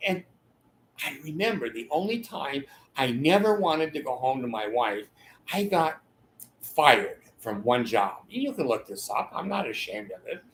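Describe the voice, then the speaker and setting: Slow-talking older man in an echoey room. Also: mid-range voice, very animated, a bit bright, a little hiss or hum. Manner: laughs mid-sentence, acts out quoted voices. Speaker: channel host giving advice. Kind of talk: rambling monologue.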